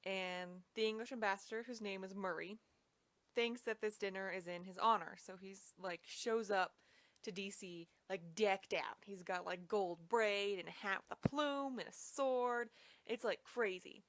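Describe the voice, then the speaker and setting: A woman's voice: mid-range voice, measured pace, no room sound. A young woman casually retelling a history story, chatty and full of fillers. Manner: chatty, lots of "like".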